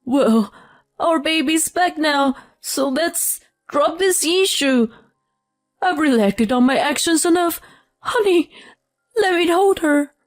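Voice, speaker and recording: A woman voicing a panicky adult husband who pleads and whines in a high-strung way. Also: lively intonation, takes it slowly, soft background music. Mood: wheedling.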